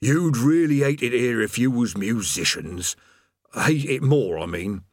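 A man's voice: medium pitch, lively intonation, measured pace, dry recording, clean studio sound. A man voicing a weary, put-upon male demon doorman of hell who grumbles mournfully, in an audiobook reading. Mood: mournful grumbling. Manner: grumbling, mournful, plain-spoken. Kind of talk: audiobook character voice.

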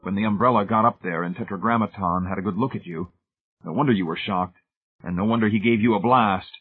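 A man voicing a weary, sardonic man who speaks softly and dryly. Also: fairly low pitch, brisk, breathy edge. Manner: soft, dry and sardonic. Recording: tinny phone-like sound.

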